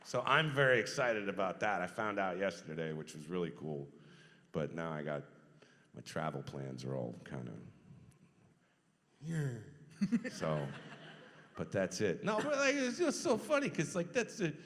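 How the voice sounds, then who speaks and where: Animated storytelling man in a hall. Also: low-pitched, a little slow, long pauses. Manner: animated storyteller, acts out quotes, laughs often. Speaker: voice actor, panel guest. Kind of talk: convention panel Q&A. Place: large convention hall. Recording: reverberant convention hall.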